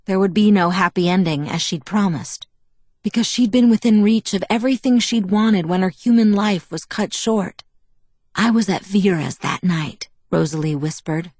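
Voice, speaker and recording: A woman reading a novel aloud as a first-person narrator, measured and quiet. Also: mid-range voice, dry recording. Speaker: audiobook narrator.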